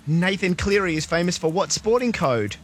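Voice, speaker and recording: A man hosts a radio quiz with a croaky, high-pitched voice. He talks loud and upbeat and fires off questions quickly. A faint music bed plays under him. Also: lively intonation. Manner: loud, upbeat, rapid-fire question reading. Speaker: radio host. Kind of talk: hyped-up radio quiz hosting.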